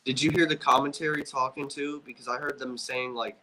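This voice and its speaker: A man with a bright, forceful voice chats casually as a wrestling show co-host. He is emotional and rambling, and he often restarts his sentences. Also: medium pitch, steady tone, fairly quick, a little hiss or hum, rough recording. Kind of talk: casual podcast chat.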